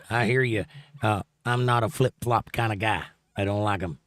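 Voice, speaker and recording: At normal speed, a man with a lowish, fairly bright voice chats casually on a home livestream, reading viewers' comments and joking about them. The audio is dry and of studio quality.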